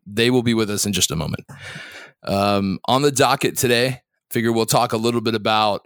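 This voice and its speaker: A man hosting a podcast in casual chat, asking teasing, probing questions with quick restarts. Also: fairly low pitch, a bit bright, no echo, clean studio sound. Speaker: podcast host.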